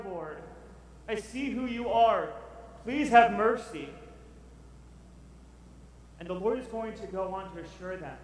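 High-voiced preacher in an echoing hall. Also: male voice, a little hiss or hum. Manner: animated, acts out Bible figures. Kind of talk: sermon. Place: large church hall. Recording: echoey hall recorded from far off.

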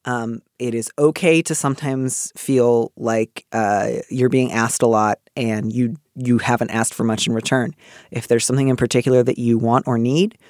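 A man's voice: medium pitch, fairly even intonation, normal speed, a little mellow, no echo, studio quality. A man co-hosting an advice podcast, talking casually and with animation, full of restarts and fillers.

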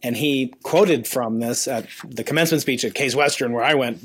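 A man's voice: medium pitch, normal speed, slightly rough. A man in his fifties hosting a science podcast, talking in long rambling questions with many restarts. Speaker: podcast host, physicist. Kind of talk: casual interview chat.

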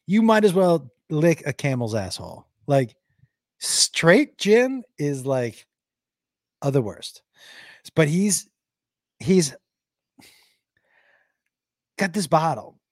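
A male comedian spins a rowdy stand-up story, swearing as he goes. His voice jumps all over the place, loud one moment and hushed the next. The sound is dry and close. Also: a little high, no echo. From Texas. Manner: animated, profane, swings loud and quiet. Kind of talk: crowd-work stand-up storytelling.

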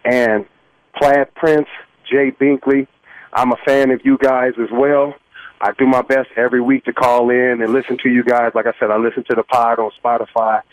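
A man's voice: medium pitch, flat delivery, moderate pace, no room sound, poor audio. Emotional man in his thirties calling in. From Los Angeles, US. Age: 30s. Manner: heartfelt, rambling with fillers. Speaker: caller. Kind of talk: emotional fan call-in.

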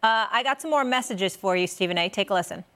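A woman's voice: mid-range voice, quick pace, background noise. A woman hosting a sports talk show, upbeat and teasing. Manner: upbeat, teasing, laughs easily. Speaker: show host. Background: music.

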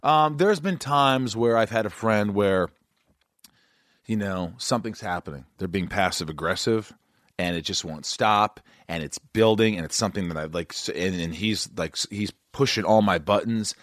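Loud New man hosting a chat. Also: lowish voice, moderate pace, no room sound. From New York. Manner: loud, self-described, talks in restarts. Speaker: podcast host. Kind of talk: casual chat.

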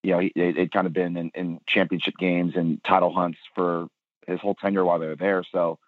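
A man with a very deep voice talks quickly about his coaching work, peppering his speech with fillers. He comes through a thin, dry phone line. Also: little pitch movement, dry recording. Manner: hedging, many fillers like "you know". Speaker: football coach. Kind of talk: casual conversation.

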